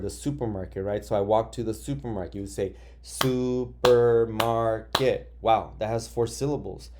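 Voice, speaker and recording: A man teaching young students in a recorded lesson, explaining patiently and slowly with many fillers. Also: fairly low pitch, warm tone. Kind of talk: recorded remote class lesson.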